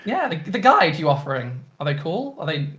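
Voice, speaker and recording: Tabletop player, lively pitch, bright tone, asking questions. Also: a little fast, slight background noise. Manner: questioning, in-character asides. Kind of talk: tabletop game role-play.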